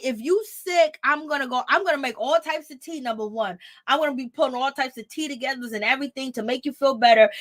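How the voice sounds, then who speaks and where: High-voiced woman dishing casual gossip. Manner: animated, laughing, blunt and profane. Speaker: commentator on a reality show. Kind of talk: casual reaction commentary.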